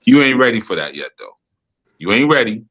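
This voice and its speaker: A man's voice: medium pitch, big pitch swings, fairly quick, fairly bright tone, muffled recording. A man hosting a spiritual podcast, telling stories in a loose, slangy way and laughing often. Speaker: podcast host and spiritual teacher. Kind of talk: casual storytelling chat.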